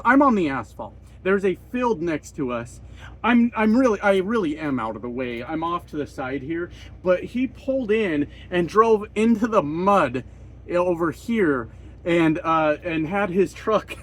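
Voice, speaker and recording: A man's voice: high voice, very animated, measured pace, a bit bright. A man ranting bluntly and sarcastically in a trucker vlog, swearing a lot, recorded in his parked truck cab at a truck stop. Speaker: trucker vlogger.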